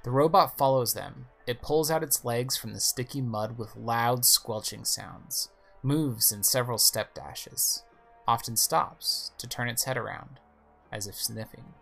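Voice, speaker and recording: A man's voice: medium pitch, measured pace, gravelly, a bit bright, faint music behind. A man reading a story game's text aloud, with casual asides on the pictures. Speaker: game player narrating.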